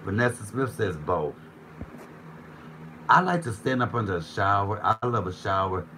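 A man with a fairly low voice runs a casual live cooking stream from his home kitchen. He reads out viewer comments, jokes freely and keeps the banter going. A faint bit of room ambience sits under his voice. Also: lively intonation, normal speed, sharp tone, slight background noise, low-quality recording. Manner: playful, joking, chatty.

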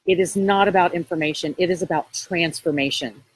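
Husky-voiced woman coaching with emphatic repetition. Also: on the low side, a little fast, low-quality recording. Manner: emphatic, repetitive sales push. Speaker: real estate coach. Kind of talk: live coaching pitch to viewers.

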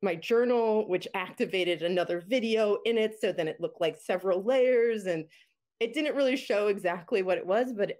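A woman's voice: mid-range voice, normal speed, a little mellow. A woman filmmaker chatting about her experimental work, full of fillers, restarts and small laughs. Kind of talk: casual panel chat.

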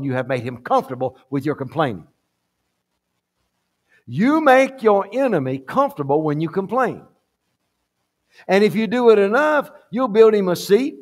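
Emphatic man preaching a sermon. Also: sits high. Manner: emphatic preaching, repeats phrases, swings from quiet to loud. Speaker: pastor. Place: church sanctuary.

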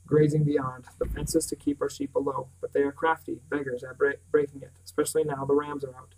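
A man's voice: medium pitch, level tone, recorded from a distance, close to an everyday voice, poor audio. A man reading the lines of a lean, weathered older sheep farmer who talks plainly and at times sharply, in an audiobook reading. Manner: slow, plain-spoken, occasionally sharp.

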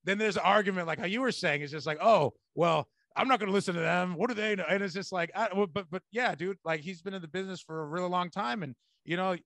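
A man hosting a comedy podcast, telling animated stories in casual chat and swearing freely. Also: high voice, fast, creaky, few pauses, no room sound. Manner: animated storyteller, swears a lot.

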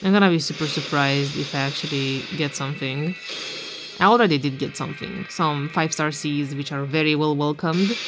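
A woman streamer casually commenting on her game pulls, excitable and swearing freely when surprised. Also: deep voice, a little fast, music in the background. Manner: excitable, swears and shouts in disbelief. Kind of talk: casual commentary while playing. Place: bedroom.

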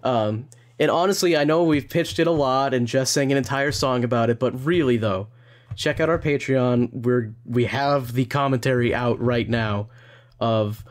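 A man's voice: medium pitch, normal speed. A young man co-hosting a casual podcast, joking, swearing casually, with stumbling restarts. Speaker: podcast co-host.

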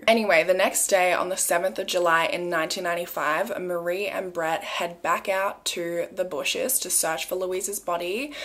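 A young woman with an Australian accent narrates a true crime case in a relaxed, conversational tone. Her voice sits a little low for a woman, and she keeps breaking off into asides and filler phrases as if chatting to a friend.

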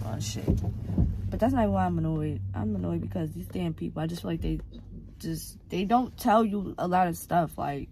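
Young woman vlogger, low and lively voice, blunt and tired, loud car noise behind. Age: 20s. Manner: blunt, swears, tired ranting. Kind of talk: casual vlog chat to viewers.

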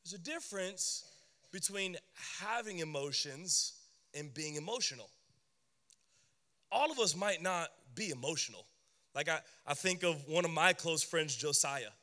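A young man preaches with a high, bright voice, animated and joking with his listeners. The sound rings with the long echo of a large hall. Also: unhurried. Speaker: youth pastor. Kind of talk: sermon.

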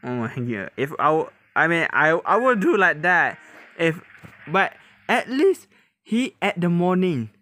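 A man hosting a reaction video, talking casually in halting English, often laughing and exclaiming. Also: on the high side, sing-song, bright, forceful tone, slight background noise.

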